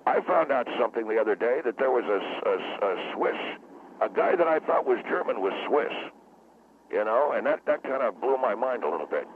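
A man voicing a hot-tempered, blustering male guest with a gravelly voice that flares into shrill outbursts, as a comic radio character. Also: big pitch swings, a little fast, a little hiss or hum, natural voice. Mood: lecturing. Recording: tinny phone line.

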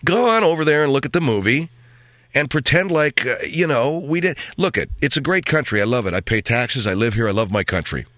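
A man's voice: medium pitch, expressive, fairly quick, fairly bright tone, dry recording. A man hosting a talk show, delivering a sarcastic, rambling opinion monologue.

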